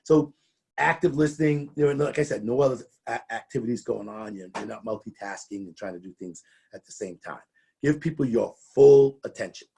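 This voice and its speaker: A man's voice: mid-range voice, fairly quick, gravelly, warm tone, breathy edge. A middle-aged man giving a conversational training presentation, often restarting and repeating words as he talks.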